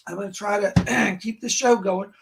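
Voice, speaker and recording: A man hosting a live stream as a psychic medium, hoarse and clearing his throat, greeting viewers with exuberant casual chat and calling himself by name. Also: high voice, steady tone, moderate pace, background noise. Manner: exuberant, calls himself by name in the third person.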